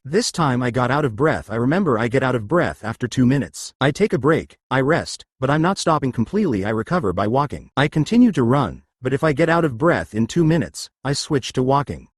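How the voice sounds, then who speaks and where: A man's voice: mid-range voice, breathy edge, dry recording, clean studio sound. A man teaching an exercise lesson, explaining and often checking whether listeners follow. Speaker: exercise instructor.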